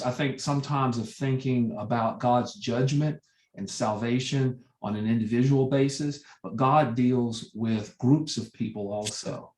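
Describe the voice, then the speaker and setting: Man, Bible study leader, very slow delivery, thoughtful explaining, echoey room. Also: medium pitch, a little mellow. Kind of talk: church Bible study discussion.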